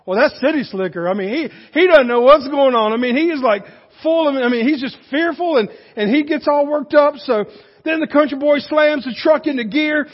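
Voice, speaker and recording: A high-pitched man delivers a sermon as a folksy, animated storyteller. His voice rings through a large hall with a long echo. The recording is dull and muffled. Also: normal speed. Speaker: pastor.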